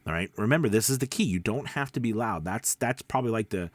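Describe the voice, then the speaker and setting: Lively low-voiced man coaching voice-over. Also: fast talker, dry recording. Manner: demonstrates pitch, drops deep and quiet then rises. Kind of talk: casual video lesson. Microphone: close studio mic.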